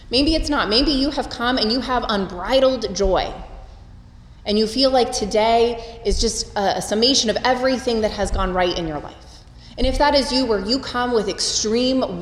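Female preacher, expressive storyteller, church reverb, faint room hum. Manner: expressive, storytelling, lively pitch swings. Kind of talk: Easter sermon. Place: church sanctuary. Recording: roomy church with long reverb.

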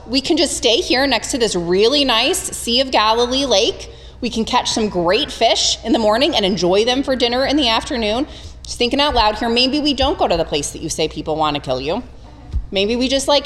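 Brief: woman playing an easygoing male disciple, higher and a bit louder than her own voice, offhand and persuasive, long hall reverb. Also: expressive, a little fast, slight background noise. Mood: coaxing. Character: casual, easygoing male disciple talking a friend out of danger. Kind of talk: acted quote within a sermon.

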